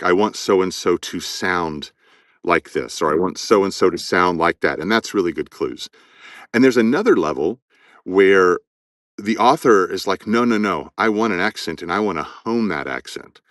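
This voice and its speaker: A man's voice: fairly low pitch, no echo, studio quality. A man who narrates audiobooks, talking in an interview in a thoughtful way and often repeating words as he builds a point. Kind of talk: conversational interview.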